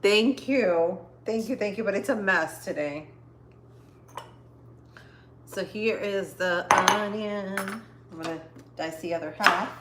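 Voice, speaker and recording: A woman's voice: mid-range voice, slow pace, pauses often. A woman hosting a casual cooking livestream from her home kitchen, chatting upbeat with viewers while she chops. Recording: echoey kitchen with faint noise.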